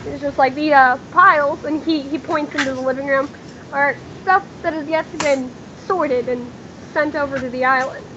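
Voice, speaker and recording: A woman narrating a tabletop game as game master, casual and halting with many fillers. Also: high-pitched, fairly even intonation, highs cut off, noisy background.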